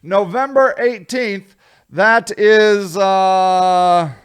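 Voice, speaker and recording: A man's voice: high-pitched, extremely slow, clean tone. Rambling, self-mocking American man. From United States. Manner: rambling, self-deprecating, animated; voice swings widely in loudness. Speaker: vlogger, show host. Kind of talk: casual solo commentary.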